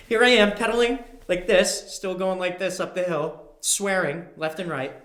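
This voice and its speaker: Bright-voiced man telling animated stories. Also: sits high, unhurried, echoey room. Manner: animated storyteller who swears freely. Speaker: podcast guest, personal trainer. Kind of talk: casual interview chat.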